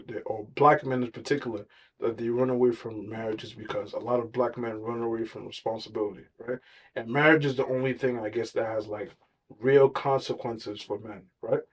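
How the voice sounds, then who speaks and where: A man's voice: medium pitch, poor audio. A man co-hosting a casual podcast, arguing his points and telling stories in slangy, loose speech. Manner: storytelling, argumentative, slangy. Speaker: podcast co-host. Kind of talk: casual chat.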